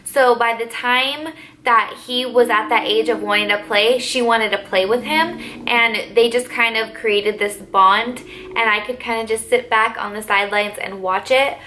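A woman's voice: a little high, pushed and bright. A young woman and mother of three, chatting casually in a Q&A vlog with easy filler words.

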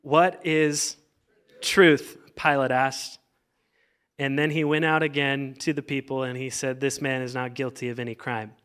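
A man's voice: medium pitch, level tone, moderate pace, a bit bright, clear, resonant tone. A man pastor preaching a sermon, reading scripture aloud and urging the congregation to answer back. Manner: preaching with emphatic call-and-response to the congregation; reads scripture aloud between explanation.

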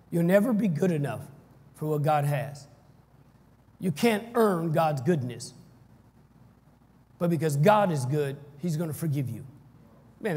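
A pastor preaching with fervor, his fairly high voice rising to shouts and then falling back to a steady teaching tone. He draws the congregation into call-and-response. The sound rings through a large, reverberant church hall. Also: husky. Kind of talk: sermon.

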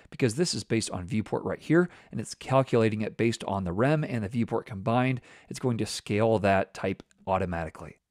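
Low-voiced man teaching a coding tutorial. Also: a little mellow, dry recording, studio quality. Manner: casual, explanatory, walks through steps while working. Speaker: web development instructor. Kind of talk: screen-recorded coding tutorial.

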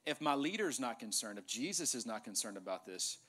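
A male pastor preaching a sermon in a church, animated, joking with the congregation and acting out dialogue. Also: mid-range voice, brisk. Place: church sanctuary.

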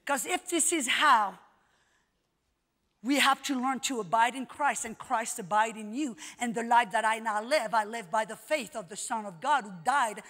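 A woman preaching a sermon at a conference, swinging between hushed, intimate lines and emphatic shouts. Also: a little high, normal speed, big-room sound. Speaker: conference speaker. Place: conference hall.

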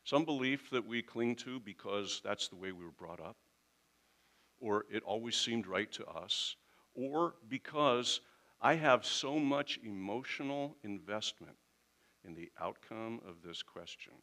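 Bright-voiced male pastor, conversational sermon. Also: fairly low pitch, expressive, measured pace. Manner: conversational, acts out short quoted exchanges.

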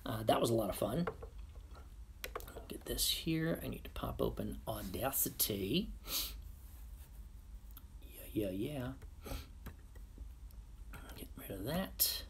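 A man's voice: fairly low pitch, lively intonation, slow, vocal fry, pauses often, slight background noise. A man hosting a casual live-stream podcast, playful and muttering silly asides to himself as he sets up at his computer. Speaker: podcast host on a livestream.

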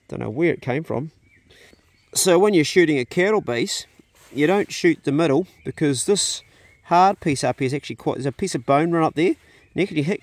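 A middle-aged man with a New Zealand accent, chatting in a relaxed, plain-spoken way as he walks around his farm outdoors. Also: on the high side, no echo. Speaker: vlogger, farm owner. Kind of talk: casual narration on a farm walk.

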